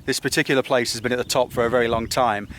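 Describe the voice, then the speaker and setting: A man chatting casually to camera on a cliff top, relaxed and enthusiastic. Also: medium pitch, racing. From England. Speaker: outdoor vlogger. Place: cliff top outdoors at evening. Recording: noisy outdoor camera audio.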